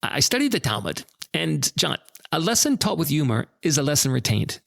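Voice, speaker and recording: Brief: a frank, firm old woman therapist in short, clipped lines, pitched well up, as a man puts her on. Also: big pitch swings, moderate pace, gravelly, a bit bright, full character voice. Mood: insistent. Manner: insistent, clipped short statements.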